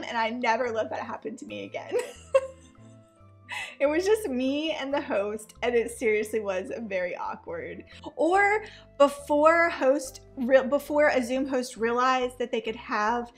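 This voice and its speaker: A woman in her thirties chats in a high, animated voice, reacting to memes in a casual vlog. She laughs often as she tells stories. Faint music plays in the background. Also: normal speed. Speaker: vlogger, mom.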